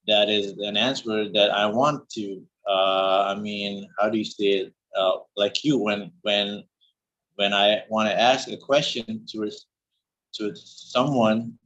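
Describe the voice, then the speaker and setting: Man, english class student, halting speech, lots of restarts, dull lo-fi call sound. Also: on the low side, fairly bright tone. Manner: halting, searches for words, many restarts. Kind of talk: speaking practice in an online class.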